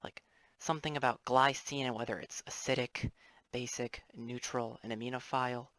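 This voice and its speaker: A man's voice: mid-range voice, a little fast, a bit bright, no room sound. A young man, a student, giving a casual explainer lesson over his drawings, rambling with offhand apologetic asides. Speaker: student presenter.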